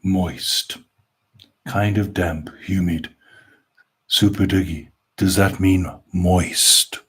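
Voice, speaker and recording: A man putting on a dark, eerie, posh-sounding sinister voice, slow and drawn out, during a live stream. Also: sits low, steady tone, slightly rough, pitched below the performer's own voice, full character voice.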